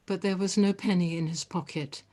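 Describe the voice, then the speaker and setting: A woman reading a story aloud in a calm, measured, gentle way. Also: lowish voice.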